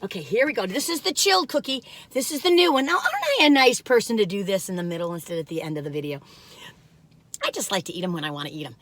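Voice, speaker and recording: A woman's voice: mid-range voice, fairly bright tone. A woman in her sixties, chatting casually in a taste-test vlog and giggling and exclaiming over the food. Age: 60s. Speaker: food reviewer.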